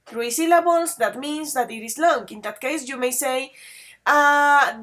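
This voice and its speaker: A patient woman quizzes students in an English grammar class, spelling out word endings slowly. Her pitch is high and her tone a bit bright.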